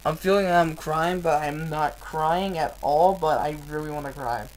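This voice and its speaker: A woman reading a novel aloud on a live stream, earnest and deliberate, with blunt, profane asides between passages. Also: low voice, darkish tone, slight background noise, rough recording. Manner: slow, earnest reading with frequent swearing in asides.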